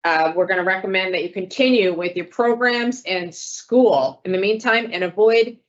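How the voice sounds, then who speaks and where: A woman of middle pitch chairs a parole hearing, talking cases through with colleagues and reading formal motions in a matter-of-fact tone. The recording is dull and lo-fi. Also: moderate pace. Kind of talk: official hearing deliberation.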